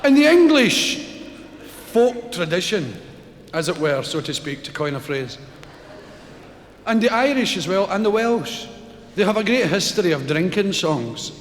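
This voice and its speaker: A Scottish man doing live stand-up, telling stories in a lively, animated way, recorded in a concert hall. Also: high-pitched, measured pace, long pauses, a little hiss or hum. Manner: lively, animated storytelling with laughs. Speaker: stand-up comedian.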